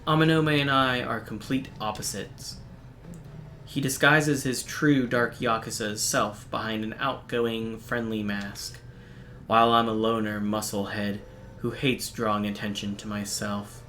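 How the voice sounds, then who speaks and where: A man streaming a game, reading its visual novel text aloud in a steady, even narration broken by quick, dry asides. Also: fairly low pitch, a little hiss or hum. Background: faint game music.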